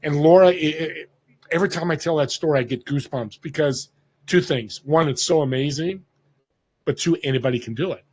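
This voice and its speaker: Speaking a little fast in a fairly high pitch, a man in his fifties from Northern California guests on a podcast. In this easygoing storytelling interview he's an animated raconteur who acts out his quoted characters' voices.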